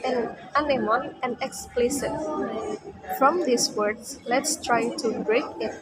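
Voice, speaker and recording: A young woman from Indonesia, a university student giving a class presentation, reading slowly with halting restarts. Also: a little high. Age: young adult. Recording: loud crowd noise behind.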